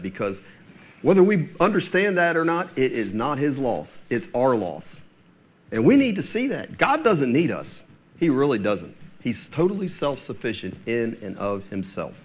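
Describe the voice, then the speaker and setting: A male pastor preaching a sermon, emphatic and full of rhetorical questions. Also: medium pitch.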